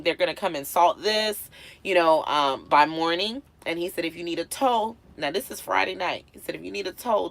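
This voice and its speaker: A woman vlogger telling a story casually to her viewers, animated and acting out what people said. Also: mid-range voice, creaky. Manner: animated, acts out quotes with big swings in loudness.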